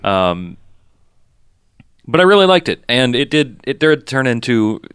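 A man's voice: mid-range voice, sing-song, a little slow, fairly bright tone, clean tone, dry recording, studio quality. A man hosting a casual movie chat, rambling with lots of ums and cheerful swearing. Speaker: podcast host.

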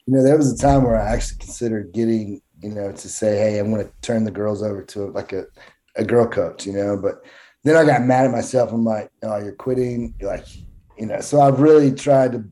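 Mellow-voiced male coach chatting candidly. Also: lowish voice, brisk. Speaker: guest coach. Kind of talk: casual chat.

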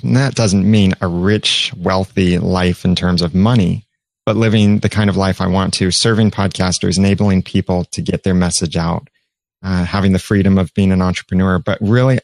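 A man's voice: low-pitched, vocal fry, a little mellow, no echo. A man talking casually about podcasting, with dry, self-deprecating humor. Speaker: podcaster guest. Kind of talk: casual chat.

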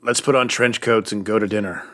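A man's voice: lowish voice, steady tone, fairly quick, a bit bright. A man co-hosting a casual podcast, making dry, wry remarks about a comic. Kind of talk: casual chat.

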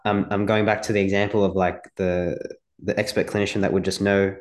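A man's voice: low-pitched, flat delivery, a little fast. A man hosting a podcast, asking long, rambling questions as he feels his way through them. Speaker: podcast host. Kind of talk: conversational podcast interviewing.

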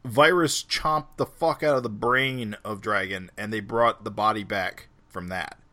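A man's voice: lowish voice, unhurried, sharp tone. A man co-hosting a podcast, arguing his point carefully and adding context. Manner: explanatory, argues his point with detail. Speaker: podcast co-host. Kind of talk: casual chat.

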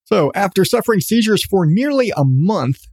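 A man's voice: high voice, big pitch swings, normal speed, darkish tone, husky, no room sound, clean studio sound. A man hosting his own podcast, ranting in a sarcastic, profane way about news stories. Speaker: podcast host. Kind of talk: solo podcast commentary.

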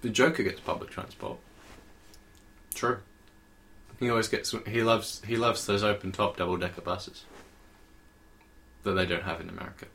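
A man's voice: lowish voice, level tone, normal speed, creaky, pauses often, a bit bright. A man chatting casually as a podcast co-host, dry and sardonic. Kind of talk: casual chat.

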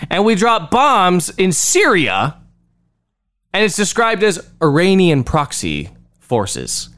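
A male host delivers political commentary with heavy sarcasm, mocking phrases by repeating them over and over. His voice sits a little high and swings widely in pitch, rising sharply when he gets animated.

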